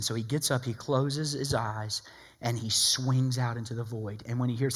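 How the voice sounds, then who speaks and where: A male pastor preaching a streamed sermon, telling a story with animated, excited delivery that drops to hushed intensity. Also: mid-range voice, moderate pace, breathy edge.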